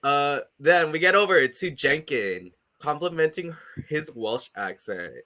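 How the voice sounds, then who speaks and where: A man's voice: fairly high pitch, expressive, a little slow, pushed and bright. A man co-hosting a podcast, chatting casually with lots of fillers and laughter. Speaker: podcast co-host. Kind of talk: casual chat.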